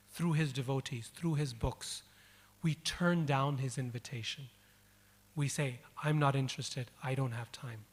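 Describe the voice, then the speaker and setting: A man giving a devotional lecture at an event, telling a personal story and repeating words for emphasis. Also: on the high side. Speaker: speaker. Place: event hall. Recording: long hall reverb.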